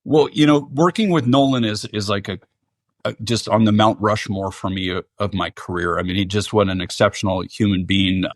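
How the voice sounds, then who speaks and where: A man's voice: lowish voice, normal speed, no room sound. A middle-aged man as a podcast guest, speaking earnestly and reflectively with frequent restarts. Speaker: guest, baseball general manager. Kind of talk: podcast interview.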